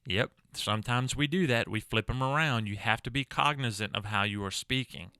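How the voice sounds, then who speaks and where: A man with a Southern US accent lecturing in a bright, forward voice. His tone is clean and crisp, recorded dry and close with no room sound. He keeps it conversational and poses rhetorical questions to his students. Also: mid-range voice, normal speed, no room sound. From American South. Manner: conversational, demonstrates mispronunciations, asks rhetorical questions. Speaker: college instructor.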